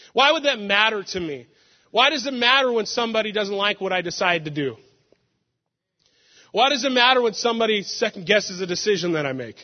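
High-voiced young man preaching in an echoey hall. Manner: animated, laughing storytelling with sudden loud outbursts. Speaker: pastor. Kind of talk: sermon. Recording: muffled sound with long hall reverb.

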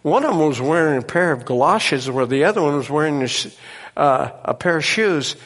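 A man preaching, telling a miracle story in an animated way and laughing at his own tale. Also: fairly high pitch, a little fast, big-room sound. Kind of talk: sermon testimony storytelling.

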